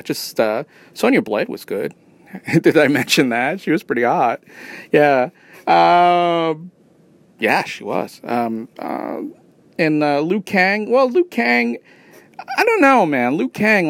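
Male podcast host, a touch higher-pitched than most, dry close sound, casual rambler who swears and restarts often. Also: gravelly, fairly bright tone, dry recording. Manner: rambling, profane, many restarts and fillers.

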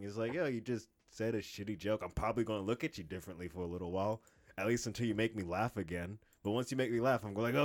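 Loud, profane man ranting on a podcast. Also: fairly low pitch, fast. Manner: loud, profane, animated rants. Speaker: podcast co-host, aspiring stand-up comic. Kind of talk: casual podcast chat.

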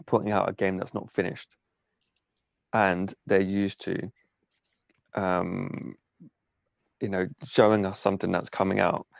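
A man's voice: sits low, creaky, no echo. A man co-hosting a casual podcast chat, ranting and exasperated, swearing often. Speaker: podcast co-host. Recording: dull lo-fi sound, dry.

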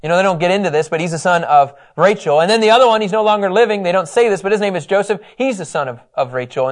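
Man, Bible lesson, animated conversational teaching, voice on the high side. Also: fast, hardly any pauses. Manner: animated, conversational, acts out quotes.

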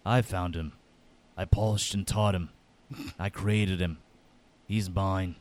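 A man voicing a menacing male mob boss for an anime dub demo, low and quietly threatening. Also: steady tone, slow pace. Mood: possessive. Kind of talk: voice acting demo reel.

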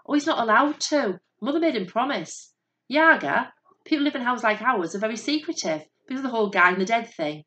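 A bright, friendly young woman who chats eagerly and quickly, voiced by a woman narrating a story. Her voice is lifted and lively. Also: a little high, pitched above the performer's own voice. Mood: chatty. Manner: bubbly and chatty.

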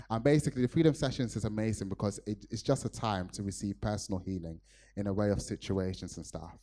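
A man's voice: on the low side, a little mellow. A man from Nigeria preaching a sermon to his church, telling a personal story earnestly with frequent fillers.

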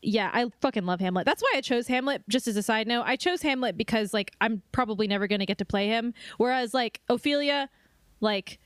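Brief: young woman co-host, high voice, giggly and playful, close dry sound. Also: fairly quick, clear, resonant tone, no echo. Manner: giggly, playful, breaks into loud mock wails. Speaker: podcast co-host. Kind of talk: casual comedic book chat.

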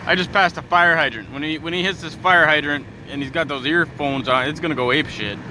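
A man's voice: fairly high pitch, fairly quick, bright, forceful tone. A man from Canada ranting and swearing through a podcast while driving, exasperated and full of asides. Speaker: podcast host. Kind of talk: profane podcast rant. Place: in a moving car. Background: faint car noise.

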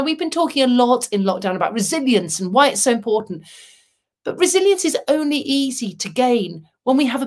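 A middle-aged woman, giving a motivational talk as a humorous storyteller with dry asides. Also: on the high side. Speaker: motivational speaker.

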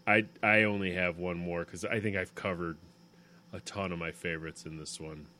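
A man's voice: low-pitched, fairly even intonation, moderate pace, pushed and bright. A man co-hosting a casual podcast chat, talking with enthusiasm. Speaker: podcast co-host.

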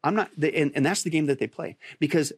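A man, a pastor, speaking emphatically as a guest on a talk show and rising to forceful peaks as he preaches his point. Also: on the high side, quick pace, breathy edge, no echo. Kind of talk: preaching on a podcast interview.

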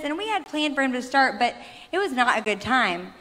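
A woman's voice: high-pitched, big pitch swings, fairly quick, a bit bright. A woman in her thirties sharing a heartfelt, rambling faith testimony on stage, often restarting her sentences. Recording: long hall reverb.

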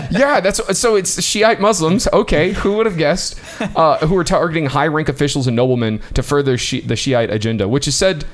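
A man bantering and joking on a podcast, laughing often and reacting with quick asides. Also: a little high. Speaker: podcast co-host. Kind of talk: casual banter.

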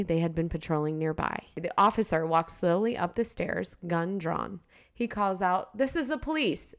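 Brief: woman co-host, lowish voice, frank and laughing, reads a story aloud between chat. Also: creaky. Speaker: podcast co-host.

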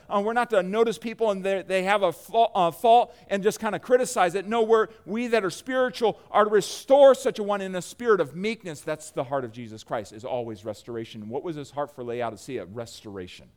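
A middle-aged man preaching a sermon in a church, emphatic and swinging between loud and quiet. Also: high-pitched, a little fast, few pauses. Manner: emphatic preaching, rising and falling in volume. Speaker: pastor. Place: church sanctuary.

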